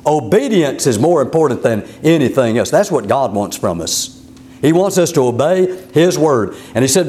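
A man preaching a sermon, telling a Bible story in an animated way and acting out the quoted lines. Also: moderate pace. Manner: animated storytelling, voices quotes with raised pitch.

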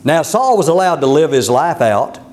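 A man preaching a sermon, telling a Bible story in an animated way and acting out the quoted lines. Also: moderate pace. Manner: animated storytelling, voices quotes with raised pitch.

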